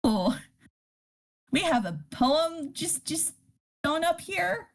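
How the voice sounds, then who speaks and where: A woman's voice: extremely high pitch, very animated, takes it slowly, long pauses. A woman hosting a casual poetry workshop, explaining terms with many fillers and restarts and reading poems aloud. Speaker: workshop host teaching poetry. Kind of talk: informal live lesson.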